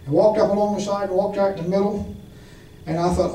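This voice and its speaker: Male preacher, high mellow voice, folksy testimony, recorded from a distance in an echoey church. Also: fairly even intonation, fairly quick. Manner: folksy testimony with audience questions. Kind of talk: storytelling sermon. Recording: echoey room from far off, faint noise.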